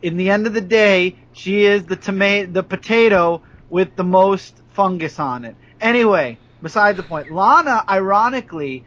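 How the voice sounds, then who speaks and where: A young man from Brooklyn talks wrestling in a high, bright-edged voice, full of blunt opinions and teasing jabs. He rambles from point to point over a dull, lo-fi recording. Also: lively intonation, moderate pace, few pauses. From Brooklyn, New York. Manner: opinionated, playful insults, rambling. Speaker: podcast co-host. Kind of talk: casual wrestling chat.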